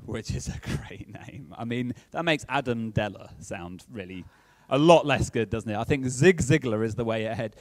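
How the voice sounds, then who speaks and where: With a medium-pitched voice and no room sound, a man delivers a sermon that is chatty and playful. He keeps checking in with his congregation as he goes.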